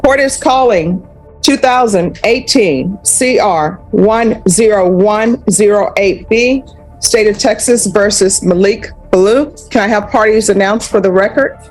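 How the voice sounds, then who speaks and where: A woman judge running a court hearing, formal and measured, reading case numbers slowly. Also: mid-range voice, darkish tone, soft background music, rough recording. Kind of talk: courtroom proceedings.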